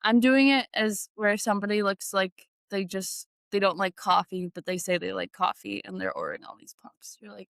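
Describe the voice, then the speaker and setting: A woman co-hosting a podcast in casual chat, animated and laughing as she sets up role-play prompts. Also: medium pitch, moderate pace, gravelly, few pauses, no echo, studio quality. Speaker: podcast co-host.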